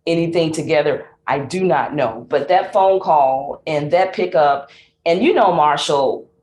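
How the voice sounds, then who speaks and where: A middle-aged woman from Mississippi with a Southern accent, a singer telling her life story in an interview, animated and laughing often. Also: low-pitched, measured pace, reverberant. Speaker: guest, singer and speaker.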